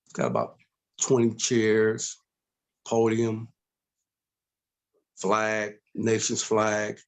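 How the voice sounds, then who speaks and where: A middle-aged man telling his story as an interview guest, animated and acting out voices in quotes. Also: lowish voice, extremely slow.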